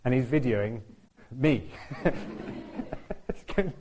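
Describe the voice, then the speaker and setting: A man's voice: mid-range voice, expressive, very slow, darkish tone, slight background noise. A man telling a chatty, self-deprecating story during a church talk, laughing often and acting out what people said. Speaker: church speaker. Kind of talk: anecdotal sermon storytelling.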